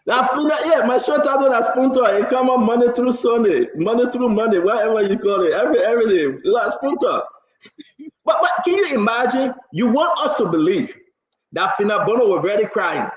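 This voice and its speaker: A man hosting a political talk show, excitable and mocking, laughing often and repeating his words. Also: extremely high pitch, brisk. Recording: roomy, dull lo-fi sound.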